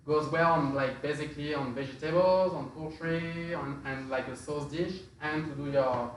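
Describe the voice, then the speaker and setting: A man's voice: a little high, moderate pace, slight background noise. Hesitant man, echoey room. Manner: hesitant, many fillers and restarts. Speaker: spice expert presenter. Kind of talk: casual explanatory talk. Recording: very echoey room, distant from mic.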